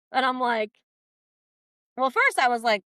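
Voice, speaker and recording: A woman co-hosting a podcast, telling a personal story in casual chat, animated and full of "like" fillers. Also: fairly high pitch, slow, dry recording. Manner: animated, quotes herself in lively voices; frequent fillers "like". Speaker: podcast co-host.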